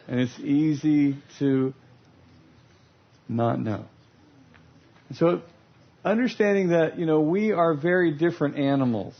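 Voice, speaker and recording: A man giving a humorous teaching talk about love languages, playful and laughing as he acts out scenes. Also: a little high. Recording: lo-fi recording.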